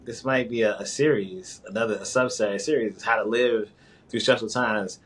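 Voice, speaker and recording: A man with a lowish voice talks in a loose, rambling way, stopping and restarting his sentences. He is from New York and chats casually, laughing now and then. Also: steady tone, slightly rough. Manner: rambling, halting, quick laughs. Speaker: guest. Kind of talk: casual conversation.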